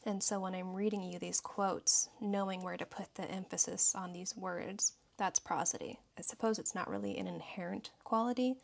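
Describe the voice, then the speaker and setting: A woman with a gravelly, creaky edge to her voice flips through her journal. She talks about each page in a relaxed, thoughtful way and stops now and then to read a quote aloud. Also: medium pitch, moderate pace, few pauses. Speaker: journaling YouTuber. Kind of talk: casual journal flip-through narration.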